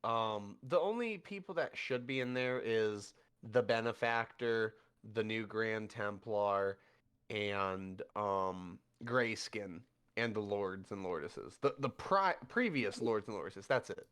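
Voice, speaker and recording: A man's voice: on the low side, expressive, takes it slowly, a bit bright, smooth. A man running a tabletop game as game master, speaking casually and matter-of-factly.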